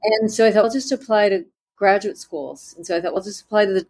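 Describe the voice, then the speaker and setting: A woman's voice: medium pitch, fairly even intonation, darkish tone, breathy edge. Candid woman author telling her story. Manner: candid, self-deprecating, halting restarts. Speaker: author being interviewed. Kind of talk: conversational interview storytelling.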